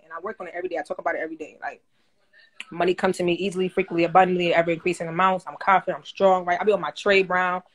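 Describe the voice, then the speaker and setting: A woman coaching listeners on credit in a casual livestream, talking in animated slang and laughing often. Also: lowish voice. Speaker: credit coach teaching a class. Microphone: phone.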